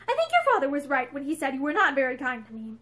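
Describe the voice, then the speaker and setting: A woman reading a storybook speaks for a composed gentleman, polite and a little detached. She keeps her own high, lively voice for him. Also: quick pace, full character voice. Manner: calm, polite, offhand. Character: calm grown man, politely detached.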